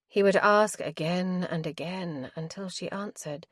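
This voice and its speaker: A woman narrating an audiobook in a measured, even reading style. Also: lowish voice, no echo, clean studio sound. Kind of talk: scripted narration.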